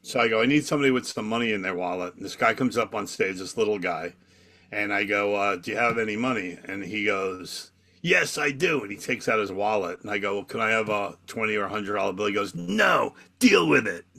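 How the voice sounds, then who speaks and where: A comedy magician chatting casually, telling a backstage story and acting out the dialogue. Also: male voice, on the low side. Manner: quick, lively storytelling that acts out dialogue. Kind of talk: casual chat, telling stories.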